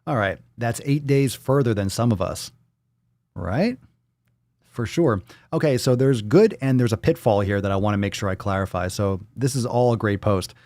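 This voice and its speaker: A man hosting a fitness livestream. He talks casually, reacting to viewer posts with loud jokes, swearing and pep-talk coaching. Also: on the low side, moderate pace, dry recording. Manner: loud, profane, joking, coaching.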